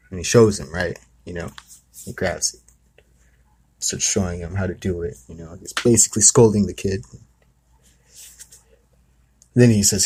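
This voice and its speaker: A man's voice: low voice, moderate pace, long pauses, darkish tone, slightly rough. A man hosting a spiritual talk, telling a story in a casual, rambling way full of asides. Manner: rambling, with many asides of "you know" and "okay".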